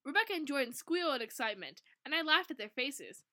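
A woman reading an old fanfic aloud, giggly and animated, often stumbling over words. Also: high voice, fast talker. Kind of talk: reading aloud between banter.

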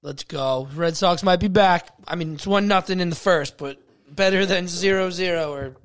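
A man co-hosting a casual podcast, giving blunt, crude opinions and muttering low asides. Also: normal speed, smooth. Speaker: podcast co-host. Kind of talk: casual chat.

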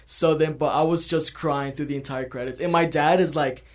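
A man hosting a casual chat, telling a story in an animated way and laughing often. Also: fairly high pitch, normal speed, slight background noise. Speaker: host.

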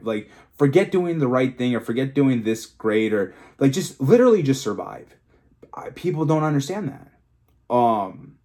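In a candid solo vlog, a young man who coaches fitness pours out his feelings, wandering off topic, starting over and cursing without restraint. He has a medium-pitched, slightly mellow voice.

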